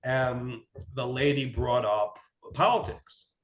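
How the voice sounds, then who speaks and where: A man's voice: medium pitch, takes it slowly, rough recording. A man with a New York accent, co-hosting a podcast and casually telling a road trip story with frequent laughs. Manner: relaxed, anecdotal, laughs often. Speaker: podcast co-host.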